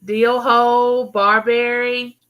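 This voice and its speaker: A woman's voice: fairly high pitch, level tone, slow, a bit bright, low-quality recording. Chatty Southern woman greeting viewers. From Mississippi, US. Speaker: YouTube channel host. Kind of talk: casual livestream chat greeting viewers.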